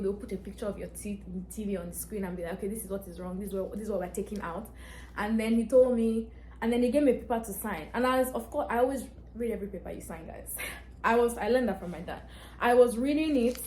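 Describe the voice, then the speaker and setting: A young female vlogger tells stories to camera, chatty and laughing often as she acts out dialogue. She talks fast in a mellow, mid-range voice, recorded in an echoey room with faint ambience and slight background noise.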